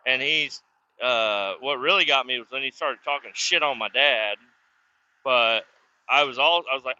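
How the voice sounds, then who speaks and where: A man's voice: mid-range voice, expressive, moderate pace, sharp tone, no room sound, highs cut off. A man casually telling rambling, profanity-laden stories about his past while sitting in a car, chuckling now and then. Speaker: vlogger telling life stories. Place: inside a car while driving.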